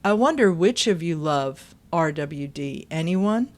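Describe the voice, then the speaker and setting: Female host, lowish voice, reads forum posts aloud and cuts in with pointed, indignant asides. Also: expressive, a little slow. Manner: sings chorus snippets. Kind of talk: reading aloud with commentary.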